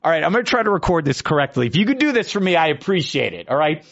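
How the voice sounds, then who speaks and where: A man's voice: a little high, very animated, very fast, vocal fry, a bit bright. A man hosting a radio show, chatting eagerly with his guest in a casual interview. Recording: dull lo-fi video call audio.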